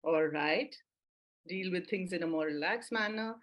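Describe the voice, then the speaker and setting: A woman's voice: lowish voice, unhurried. A woman leading an online mindfulness workshop for teachers, upbeat and encouraging, with lots of praise for her audience.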